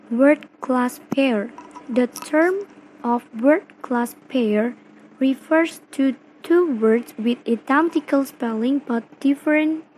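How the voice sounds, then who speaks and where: Slow, careful Indonesian-accented young woman. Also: fairly high pitch, a little mellow, slight background noise, rough recording. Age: young adult. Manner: slow, careful, phrase-by-phrase reading. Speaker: student presenter. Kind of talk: read-aloud class presentation.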